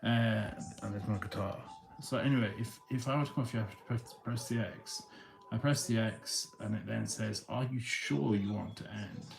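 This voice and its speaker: A man livestreaming from his phone on a tripod at home, talking in a halting, rambling way with many restarts. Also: fairly low pitch, fairly even intonation, vocal fry, music in the background. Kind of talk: rambling casual monologue. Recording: echoey room.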